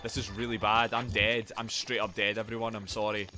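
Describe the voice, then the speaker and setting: A man streaming a video game live. He is excitable and sweary, and chats to his viewers while he plays. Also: lowish voice, fairly quick. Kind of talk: live gameplay commentary.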